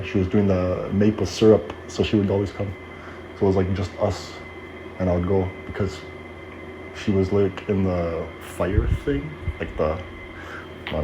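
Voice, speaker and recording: Man, very deep voice, casual rambling storyteller, slangy, faint music under him. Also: rough recording. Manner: rambling, slangy, self-correcting.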